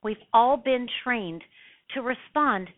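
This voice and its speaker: A woman teaching real estate sales, a self-described fast talker with a punchy, emphatic delivery. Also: fairly high pitch, lively intonation. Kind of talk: instructional talk. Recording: tinny phone-like sound.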